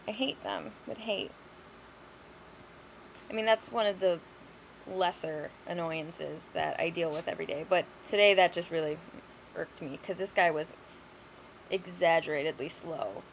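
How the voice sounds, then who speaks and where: A woman's voice: lowish voice, creaky, a little hiss or hum, poor audio. A young woman vlogging in a blunt, exasperated, sweary ranting monologue.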